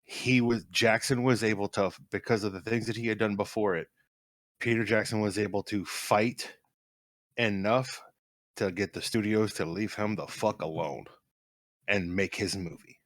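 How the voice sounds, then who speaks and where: A man with a lowish voice argues his point bluntly, swearing for emphasis. The sound is dry and close, and his delivery is forceful but casual. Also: fairly even intonation, moderate pace, no room sound. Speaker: podcast co-host. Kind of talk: casual chat.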